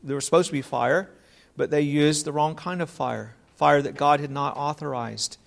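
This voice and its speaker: A man's voice: a little high, steady tone, moderate pace, vocal fry. A man preaching a sermon, earnest, posing rhetorical questions, quoting scripture and repeating words as he thinks.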